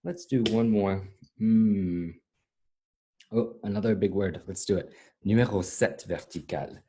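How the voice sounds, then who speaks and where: A man's voice: lowish voice, measured pace, warm tone, slightly rough. A middle-aged man teaching a French lesson, spelling words out letter by letter and mixing French with English in a patient way. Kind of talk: slow spelled-out language lesson.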